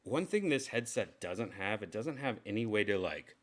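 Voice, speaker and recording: A man's voice: on the low side, lively intonation, moderate pace. A man livestreaming casual chat to his viewers, loose and rambling, swearing casually as he tests gear. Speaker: vlogger testing a VR headset mic.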